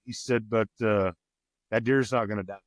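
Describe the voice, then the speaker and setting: Podcast guest, male, twang, folksy storyteller, lowish voice, dry booth sound. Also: steady tone, moderate pace, no room sound. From Missouri, USA. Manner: rambling, folksy, quotes others with raised pitch. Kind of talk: casual storytelling.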